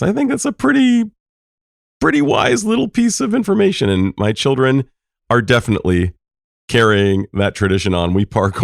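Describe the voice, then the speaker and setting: A middle-aged man hosting a podcast, telling family stories in a lively way and laughing now and then. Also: on the low side, creaky, no room sound, studio quality. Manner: warm, laughing storytelling. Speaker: podcast host, psychologist. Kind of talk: personal storytelling.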